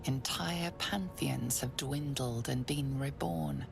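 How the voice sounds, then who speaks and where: Solemn game narrator, very deep voice, heavy gravel, slow grave reading, game audio with music underneath. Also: female voice, crowd noise, full character voice.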